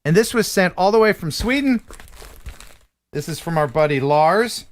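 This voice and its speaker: A man's voice: high-pitched, animated, moderate pace. A man hosting a live stream in a casual, jokey way, reading viewer mail aloud and laughing at himself. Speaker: host.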